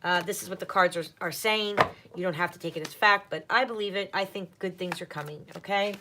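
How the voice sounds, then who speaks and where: A woman's voice: fairly low pitch, brisk, background noise. A woman doing a casual livestream tarot reading at home, chatty and reassuring as she talks straight to her viewers.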